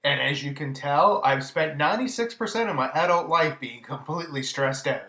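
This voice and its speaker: Male vlog host, slightly high voice, chatty and exasperated storyteller, roomy echo. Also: normal speed, sharp tone, slight background noise. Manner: chatty, exasperated, lots of "you know". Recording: echoey room.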